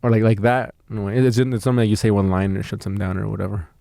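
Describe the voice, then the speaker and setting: A man's voice: on the low side, steady tone, racing, vocal fry, warm tone, dry recording. A man, a stand-up comedian, telling a rambling story in casual podcast chat, full of fillers, restarts and swearing.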